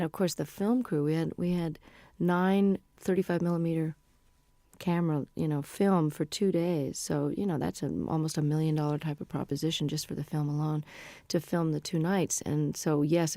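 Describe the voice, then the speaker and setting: A woman's voice: sits low, dark tone, no echo. A middle-aged woman musician being interviewed, talking in a chatty, rambling, frank way. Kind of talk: casual interview chat.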